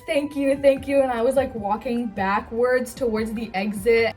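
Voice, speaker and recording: An excitable young woman chats through a casual makeup vlog and tells her story in a gushing rush. Her voice sits fairly high, and soft music plays faintly behind her. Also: fairly quick, few pauses. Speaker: cosplay vlogger. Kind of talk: casual get-ready-with-me vlog.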